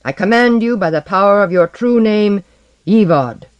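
A man's voice: a little high, sing-song, unhurried, dry recording, muffled recording. A man voicing an arrogant, boastful sorcerer sea lord in a story reading, taunting, proud and commanding. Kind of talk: audiobook reading.

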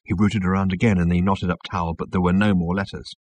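A man narrating a comic novel as an audiobook, with a wry, expressive delivery. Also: low voice, fast, husky, no echo.

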